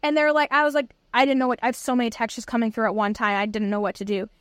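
A young woman co-hosting a podcast, telling a story in an excited, rambling way in casual chat. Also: on the high side, quick pace, no echo, clean studio sound. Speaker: podcast co-host.

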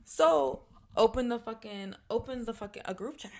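A woman's voice: on the high side, normal speed, gravelly. A young woman, telling a dramatic story with lots of swearing in casual podcast chat. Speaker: podcast co-host.

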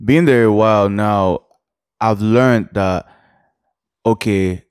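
A man from Nigeria talks in a relaxed way as a podcast guest. His voice sits fairly low. The sound is dry and close, with no room echo. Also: slow, clean tone. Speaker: guest musician. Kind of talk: casual podcast chat.

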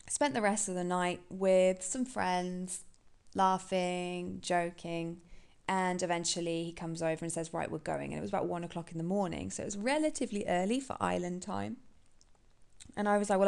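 A woman hosting a podcast, telling a painful personal story in a candid, halting, emotional way. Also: fairly low pitch, vocal fry. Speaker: podcast host.

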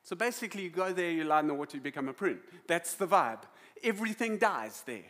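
A man with a South African accent preaching a sermon in a lively, emotional storytelling manner. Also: a little high, quick pace. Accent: South African English. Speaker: pastor.

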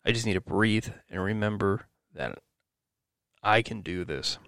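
A man's voice: lowish voice, expressive, measured pace, creaky, fairly bright tone, no room sound, clean studio sound. A man hosting his own podcast, venting in a rambling, self-encouraging monologue full of swearing. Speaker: podcast host.

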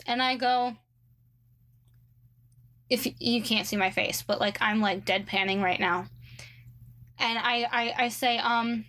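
Her voice is fairly high and a bit bright, unhurried, with long pauses. A young adult woman, she casually relates a roommate story, sprinkling in lots of "like" and "um" along with sarcastic remarks.

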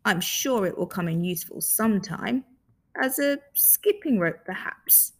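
A woman voicing Old Bear, a calm, wise old male toy bear who speaks slowly and soothingly, in a storybook reading. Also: mid-range voice, husky.

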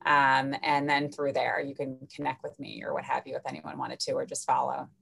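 A woman's voice: extremely low pitch, little pitch movement, brisk, creaky, fairly bright tone, husky. A woman coach, a podcast guest, chatting casually and affectionately. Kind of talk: casual interview chat.

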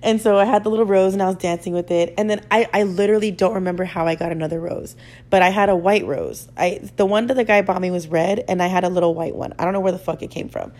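A woman's voice: on the low side, fast talker, a little mellow. A young woman hosting a podcast who tells a story in a chatty, casual way, swearing freely and using lots of "like" fillers. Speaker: podcast host.

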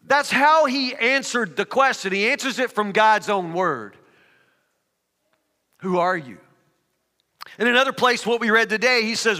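A man's voice: extremely high pitch, animated, moderate pace, bright, forceful tone. A man preaching a sermon, reading scripture aloud and then building to emphatic, rising preaching. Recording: reverberant hall.

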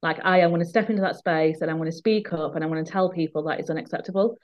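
Woman, lowish voice, earnest, emphatic, storytelling conversation, muffled dull sound. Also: very fast. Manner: earnest, emphatic, repeats words when moved. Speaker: guest.

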